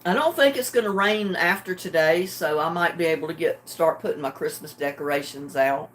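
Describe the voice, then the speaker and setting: An older woman chatting casually with her livestream viewers, drowsy and relaxed, homey and chuckling often. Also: low voice, fairly quick. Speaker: livestream host. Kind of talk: casual chat with live viewers.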